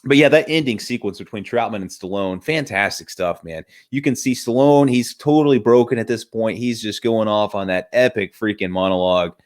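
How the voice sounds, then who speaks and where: A man's voice: lowish voice, fairly quick, hardly any pauses. A man hosting a casual movie review chat, enthusiastic and rambling, often restarting his sentences.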